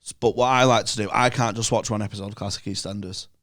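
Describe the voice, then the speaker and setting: A man's voice: on the low side, fairly even intonation, fast, fairly bright tone. Man, casual chat, enthusiastic, swears. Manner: enthusiastic storyteller, laughs often, swears. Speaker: podcast guest.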